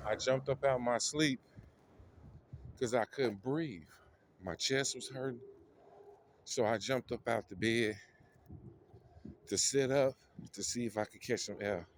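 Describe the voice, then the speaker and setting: A man with a fairly low voice speaks very slowly, teary-eyed and raw, circling back over his own words. He films on his phone while walking outdoors. Traffic noise runs clearly behind him. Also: poor audio. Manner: slow, emotional, repeats phrases, street slang. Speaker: vlogger. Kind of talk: walking vlog, personal storytelling. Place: outdoors on a city street, walking. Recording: outdoor street noise, passing cars.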